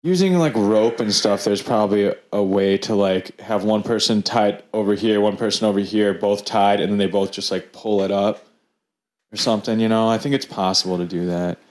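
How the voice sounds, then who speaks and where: Speaking in a lowish, slightly mellow voice at a moderate pace, this man co-hosts a casual podcast. He chats loosely and rambles, full of fillers and restarts.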